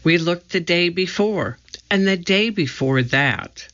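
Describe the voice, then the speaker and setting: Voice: medium pitch, expressive, slow pace, a bit bright, dull audio, voice pushed up. A reader voicing a cautious eight-year-old boy who is worried and skeptical, often exasperated. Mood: weary. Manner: exasperated, doubtful.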